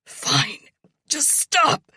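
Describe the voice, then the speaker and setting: A woman's voice: mid-range voice, animated, slow, a bit bright, slightly rough, pitched above the performer's own voice, heavily acted. A woman voicing a terrified male captive with a strained, breaking, begging voice. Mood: pleading.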